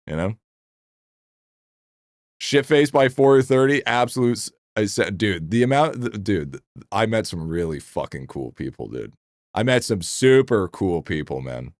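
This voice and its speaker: A man hosting a live game stream, chatting casually with his chat in a rambling, profane, excitable way. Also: on the low side, dry recording, studio quality.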